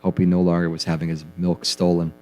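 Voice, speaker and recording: Low-voiced deadpan radio co-host. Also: male voice, fast talker, faint music behind. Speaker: comedy radio news co-host. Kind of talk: comedic news banter.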